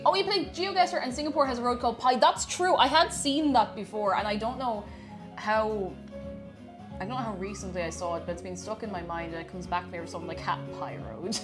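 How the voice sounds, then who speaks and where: A woman hosting a live baking stream from her home kitchen, chatty and excitable, laughing often as she greets viewers. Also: a little high. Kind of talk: casual live-stream chat.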